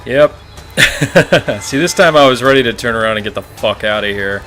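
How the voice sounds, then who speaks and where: A man's voice: medium pitch, fast talker, music in the background. A man commenting on a horror video game as he plays, blunt, sarcastic and swearing freely. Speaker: let's play host. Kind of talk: gameplay commentary.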